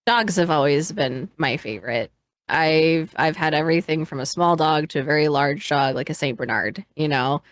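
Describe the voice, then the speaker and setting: Chatty woman podcast host, fairly low voice. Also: normal speed. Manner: upbeat, chatty, animated. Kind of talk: casual podcast chat.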